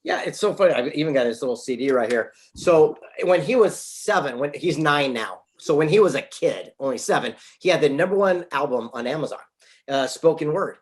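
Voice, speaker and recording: A man in his fifties from California, a guest telling lively stories and acting out quoted lines. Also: on the high side, brisk. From San Diego, California. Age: 50s. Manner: animated, acts out quoted dialogue. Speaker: podcast guest, author. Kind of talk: casual storytelling interview.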